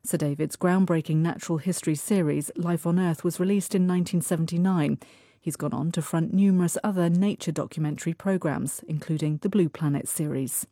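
A woman reads the radio news in a formal, measured way. Her voice is low and mellow, and the studio recording is dry and close. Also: fairly even intonation, no echo. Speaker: newsreader. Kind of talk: news bulletin reading.

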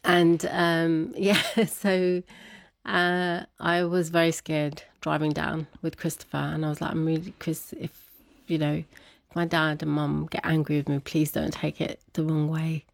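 A woman telling a personal story as an interview guest, laughing often and animated when quoting others. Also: low-pitched, a little slow, gravelly, no room sound.

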